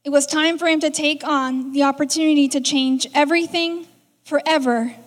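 A woman's voice: high-pitched, fairly even intonation, moderate pace. A woman preaching a sermon in a conversational way, acting out the lines she quotes. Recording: reverberant hall.

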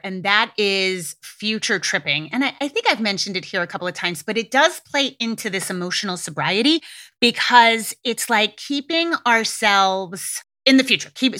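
A woman hosting a podcast, talking frankly and casually with swearing and lively acted-out quotes. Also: medium pitch, normal speed. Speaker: podcast host. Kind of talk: casual solo podcast talk.

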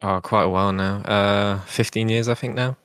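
A man's voice: fairly low pitch, fairly even intonation, moderate pace, fairly bright tone, smooth, dry recording, studio quality. A young man from Germany, a native German speaker, chatting easily and a little hesitantly as an interview guest. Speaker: band member guest. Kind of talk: casual interview chat.

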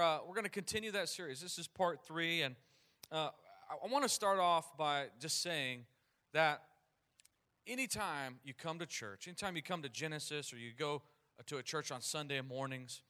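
A man preaching a sermon as pastor, energetic and calling out to his congregation. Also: fairly high pitch.

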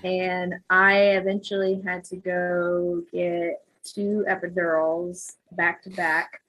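Husky woman telling a lively story. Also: lowish voice, takes it slowly, low-quality recording. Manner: animated storyteller, acts out voices, laughs often. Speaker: physical therapist. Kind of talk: casual chat, telling a story.

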